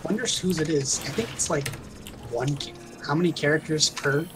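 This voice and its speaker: A man's voice: a little high, moderate pace, music in the background, rough recording. Talkative man explaining game news. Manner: explanatory, informative. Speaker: streamer. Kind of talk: casual gameplay chat.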